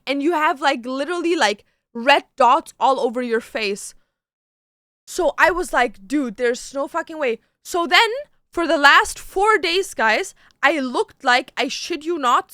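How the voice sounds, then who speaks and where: High, bright-voiced young woman streamer. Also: no room sound, studio quality. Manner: animated, swears freely, heavy use of "like". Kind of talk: casual storytelling to chat.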